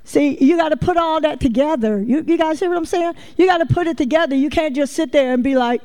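Woman preacher, high voice, lively folksy storytelling, talks straight to the congregation. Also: fast, hardly any pauses. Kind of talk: sermon.

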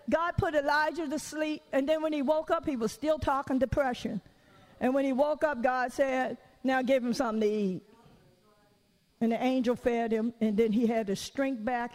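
A woman's voice: high voice, long reverb tail. A middle-aged woman preacher giving a conversational sermon, telling stories, acting out what people said and adding joking asides. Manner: storytelling, acts out quoted voices, joking asides.

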